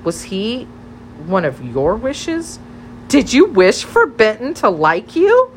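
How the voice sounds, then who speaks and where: A woman's voice: a little high, wildly swooping pitch, slow, slight background noise, voice pushed up, heavily acted, low-quality recording. A woman reading an audiobook, voicing a bubbly, teasing teenage girl who chatters playfully and pushes her shy friend. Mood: urgent.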